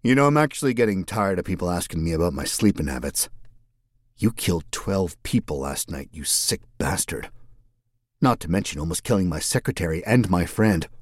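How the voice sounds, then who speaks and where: Gumshoe role: a man playing a deep, husky, blunt private eye with a smart mouth. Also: no room sound, clean studio sound. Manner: wisecracking, blunt, irritated. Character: sarcastic, tough male private detective.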